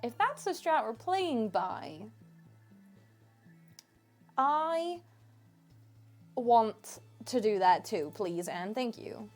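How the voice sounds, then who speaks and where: A woman's voice: fairly high pitch, expressive, drawn-out words, pauses often. Woman streamer, casual teasing chat from home on a desk mic, faint music underneath. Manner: playful, teasing, laughs often. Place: home room. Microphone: desk microphone.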